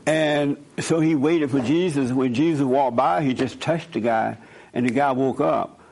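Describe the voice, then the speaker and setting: A man's voice: medium pitch, a little slow, creaky, a little mellow. A man hosting a call-in talk show, preaching emphatically and repeating his points. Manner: emphatic, repeats points, chuckles while telling stories. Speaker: host.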